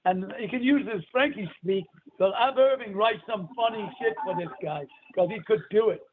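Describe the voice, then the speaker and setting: Foul-mouthed guy with a high voice, bossy, tinny phone line w a bit of hiss. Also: moderate pace. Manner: profane, storytelling, bossy. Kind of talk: crude casual call-in banter.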